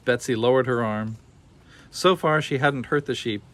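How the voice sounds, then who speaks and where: Man, storybook reader, expressive, animated, read-aloud. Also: medium pitch, normal speed, slight background noise. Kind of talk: reading a picture book aloud.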